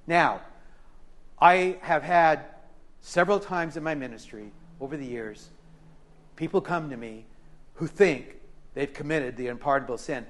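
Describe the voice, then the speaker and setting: High-voiced impassioned man preaching. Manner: impassioned, swings from loud to hushed; acts out quoted voices. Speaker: pastor. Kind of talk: sermon. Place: church service.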